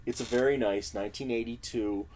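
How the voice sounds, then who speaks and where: A man's voice: mid-range voice, fairly quick. A man from Illinois, a music producer and guest, telling stories in a casual interview and acting out the quotes in them. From Illinois, USA. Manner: animated storyteller who acts out quotes. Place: recording studio.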